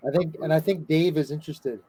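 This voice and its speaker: A man hosting a podcast, chatting casually in a relaxed way and swearing offhandedly. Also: fairly high pitch, fast talker. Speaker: podcast host. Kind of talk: casual chat.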